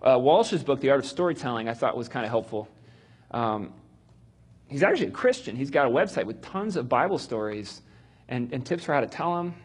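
A man gives a casual church teaching talk in a loose, chatty way. His voice is husky and sits at a middling pitch, and he breaks up his points with ums and small laughs. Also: sing-song, brisk.

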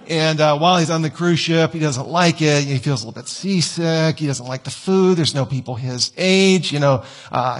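Husky-voiced man preaching a sermon. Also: fairly high pitch, fairly bright tone. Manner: conversational, acts out whiny quoted voices. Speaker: pastor. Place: church.

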